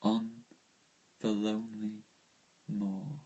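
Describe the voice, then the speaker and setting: A man hosting a live poetry stream, reciting verse slowly and dreamily, then chatting with viewers between poems. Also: lowish voice, little pitch movement, mellow, breathy edge, lo-fi sound. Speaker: host reading poetry aloud.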